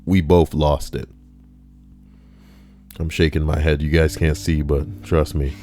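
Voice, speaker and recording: A man's voice: level tone, unhurried, mellow. A man reading stories aloud on a live stream, joking and chatting with his viewers between entries, often slipping into silly voices. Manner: jokey, breaks into squeaky silly voices.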